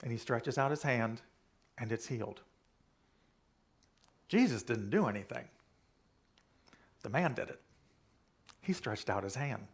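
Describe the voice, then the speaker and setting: A male minister with a medium-pitched, expressive voice preaches a sermon in a relaxed, conversational style. He speaks unhurriedly with long pauses and keeps coming back to a key phrase.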